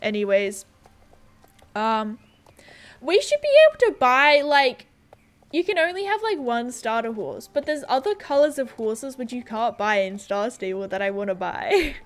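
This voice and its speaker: A woman's voice: on the high side, big pitch swings, measured pace. A young Australian woman streaming a game and chatting casually with her viewers. She talks in a bubbly, scattered way, full of "like" and giggles. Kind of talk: casual livestream chat, reading viewer comments.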